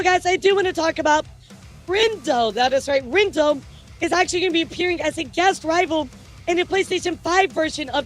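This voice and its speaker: High-pitched rambling woman streamer. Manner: rambling, jokey, lots of fillers and restarts. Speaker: streamer news host. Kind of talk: casual news commentary to chat.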